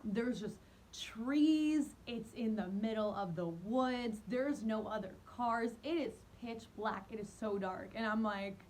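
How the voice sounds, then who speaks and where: A young woman telling a dating horror story in a storytime vlog, animated and giggly, mocking herself. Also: on the high side. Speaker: vlogger.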